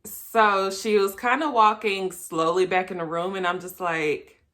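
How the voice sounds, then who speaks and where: Young woman vlogger, casual storyteller, chatty, laughs often, mid pitch. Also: a little slow. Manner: chatty, animated when quoting, laughs often.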